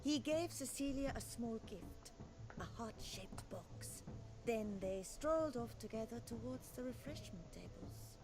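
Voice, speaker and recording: A woman's voice: on the high side, lively intonation, measured pace, over music, poor audio. An actress playing a polite young woman posing as a painter's model.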